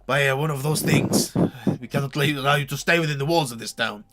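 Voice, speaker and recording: A man's voice: medium pitch, quick pace, heavy background noise, voice pushed up, natural voice. A man voicing a stern, suspicious male town guard in a tabletop game, speaking bluntly and with command.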